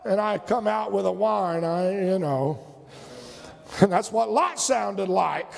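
A man preaching a sermon in a church, animated and breaking into loud emphatic shouts, sometimes mimicking whiny prayers. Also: high-pitched, unhurried, gravelly, long reverb tail. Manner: acts out whiny prayers in a mocking voice.

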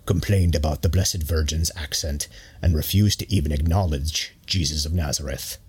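A man's voice: extremely low pitch, normal speed, a little mellow, slightly rough, exaggerated voice. A man doing a grumpy foul-mouthed old Santa. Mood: irritated. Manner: swearing, grumbling. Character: gruff old one-eyed Santa, foul-mouthed and irritable.

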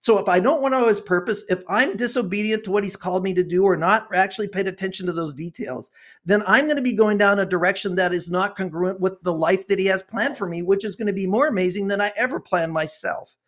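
Brief: impassioned older man, sixties, high voice, preachy interview guest. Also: fast, a bit bright. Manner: impassioned, preachy, gets worked up. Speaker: guest author and consultant. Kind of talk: earnest interview talk.

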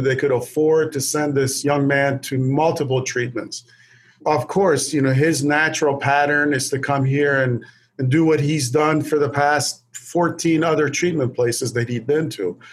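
A man with a fairly high voice tells a story in a heartfelt, earnest way. He repeats words as he reaches for them, and he speaks as an addiction specialist who is a guest on the show.

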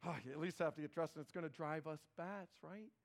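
A middle-aged male pastor preaching a sermon in a conversational, animated way, often repeating words as he starts phrases. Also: on the high side, fast talker.

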